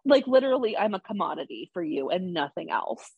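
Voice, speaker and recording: Woman guest, husky low-ish voice, rambly and frank, dull dry audio. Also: very animated, a little fast, dry recording. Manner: frank, rambling, full of fillers. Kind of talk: candid personal story.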